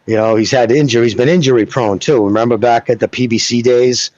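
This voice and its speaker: A man co-hosts a boxing podcast, mixing casual chat with technical breakdown in a loose, rambling way, swearing casually and repeatedly checking in with "you know what I mean." His mid-range voice is fast and darkish with fairly even intonation, in a dry recording with dull lo-fi sound.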